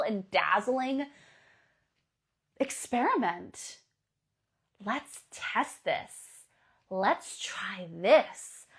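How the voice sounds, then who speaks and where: A woman astrologer and coach giving a motivational pep talk, animated and emphatic, with sudden bursts of excitement. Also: a little high.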